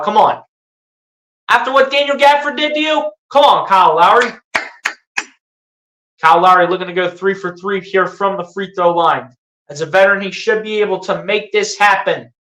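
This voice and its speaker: A bright, forward, mid-range voice calls live basketball play-by-play over a little hiss or hum, echoing in a roomy space. The excitable fan keeps shifting from calm calls into sarcastic jabs and pleas.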